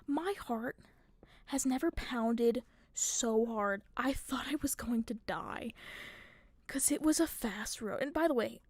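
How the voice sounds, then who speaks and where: A young woman on a livestream, spinning a story in a chatty, animated way and swearing freely. Her voice sits a touch high and sounds dry and close, with no room around it. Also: slow pace, no echo. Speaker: streamer.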